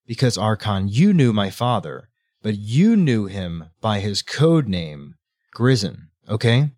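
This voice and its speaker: A man's voice: fairly low pitch, big pitch swings, takes it slowly, darkish tone, no echo, clean studio sound, full character voice. A man voicing an earnest, devoted young woman soldier in a plain voice while retelling a book scene.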